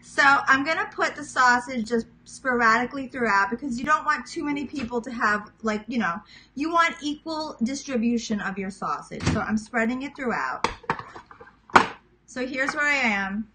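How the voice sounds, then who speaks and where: A woman's voice: on the high side, animated, normal speed, sharp tone, a little hiss or hum, rough recording. A woman in her thirties from Queens with a New York accent, chatting casually to viewers as she walks through a recipe in her home kitchen. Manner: chatty, self-teasing, talks to viewers as guys. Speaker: cooking vlogger. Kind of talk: casual cooking demonstration.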